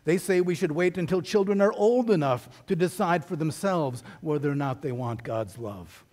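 A man's voice: fairly high pitch, expressive, moderate pace, a little mellow. A middle-aged man preaching a sermon as a pastor, in a conversational storytelling manner with wry humor.

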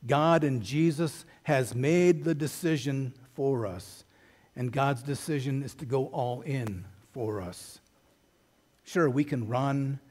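A man's voice: medium pitch, a little mellow. A middle-aged man preaching a sermon as a pastor, in a conversational storytelling manner with wry humor.

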